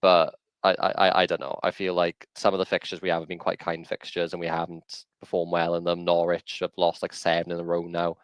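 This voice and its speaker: A man's voice: deep voice, completely flat delivery, fairly quick, few pauses, clean tone, no room sound. A man co-hosting a casual podcast over a video call, rambling and opinionated with frequent restarts. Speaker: podcast co-host.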